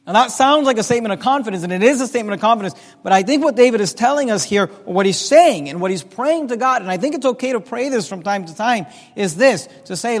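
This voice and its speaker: A man with a high voice preaches from the pulpit, slowing down to stress each quoted scripture verse. His words ring out with the long reverb of a large church hall. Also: lively intonation. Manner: preaching, drawn-out emphatic quoting of scripture. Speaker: pastor. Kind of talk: sermon.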